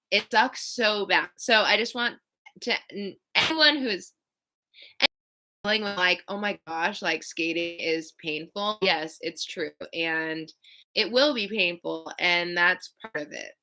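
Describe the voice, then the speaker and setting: Chatty bright-voiced woman in her thirties. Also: mid-range voice. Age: 30s. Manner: chatty, many "like" and "um" fillers. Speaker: skating channel host. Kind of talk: casual live Q&A chat.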